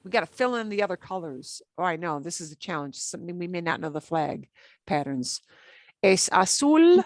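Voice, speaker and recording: A woman's voice: low-pitched, a little fast, no room sound. A woman teaching a beginner Spanish class, explaining step by step, slipping in Spanish words and laughing lightly. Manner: patient, explains step by step, switches between English and Spanish.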